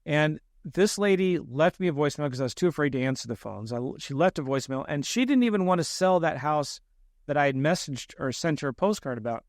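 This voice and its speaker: A man's voice: a little high, expressive, fairly quick, dry recording, clean studio sound. A man, a real estate investor, telling a story in a podcast interview, self-deprecating and acting out the lines he quotes.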